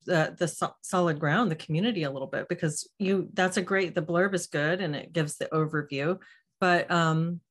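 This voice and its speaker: A woman hosting a casual group live stream over a video call, friendly and rephrasing her questions as she goes. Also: fairly low pitch. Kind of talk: casual group chat moderating.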